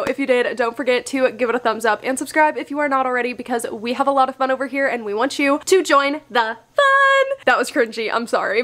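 A woman's voice: sits high, fairly bright tone. A young woman and mother gushing to camera about books in a casual vlog chat, effusive and full of "like" and "literally.". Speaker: book vlogger.

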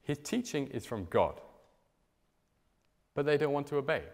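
A man preaching a sermon in a church, telling stories with big swings in pitch and loudness. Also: normal speed. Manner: animated storytelling with strong swings in pitch and loudness. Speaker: pastor. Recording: reverberant church hall.

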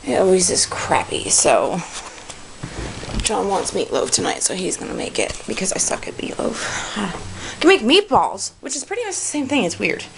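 A young stay-at-home mom with a mid-range, gravelly voice chats casually at normal speed while tidying her child's bedroom for a home vlog. Her pitch swoops wildly, and she's out of breath and panting, rambling and sighing between thoughts. The home-camera recording is noisy.

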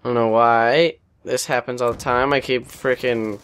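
A man's voice: mid-range voice, steady tone, moderate pace, fairly bright tone, smooth. Rambling, foul-mouthed young gamer guy. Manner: rambling, self-deprecating, swears often. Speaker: gaming commentator. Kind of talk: casual gameplay commentary.

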